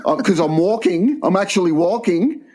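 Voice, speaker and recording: Man, comedy podcast co-host, blunt, swearing, rambling stories, slightly high voice. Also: lively intonation, normal speed, a little mellow. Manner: profane, blunt, rambling anecdotes. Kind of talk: crude comedy storytelling.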